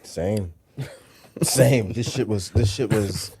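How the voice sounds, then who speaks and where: A man co-hosting a podcast, excitedly retelling TV scenes in casual, profane chat. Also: lowish voice, takes it slowly, creaky, breathy edge. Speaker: podcast co-host.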